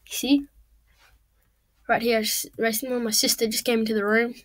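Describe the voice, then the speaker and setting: A young woman with a high voice talks over her game at home, chatty and rambling. She gets excitable fast and swears freely as she plays. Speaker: gamer. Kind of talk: casual gameplay commentary. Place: home room at a computer.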